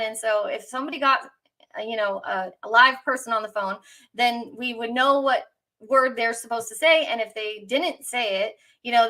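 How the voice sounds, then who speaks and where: A woman giving a conference talk, her voice bright and sitting a little high. She chats along easily, upbeat, with fillers and small laughs. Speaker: presenter.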